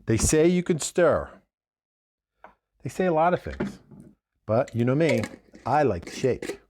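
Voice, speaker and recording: A man's voice: medium pitch, sing-song, measured pace, darkish tone. Chatty man demonstrating cocktails. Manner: chatty, digressive, self-correcting. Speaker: bartender host.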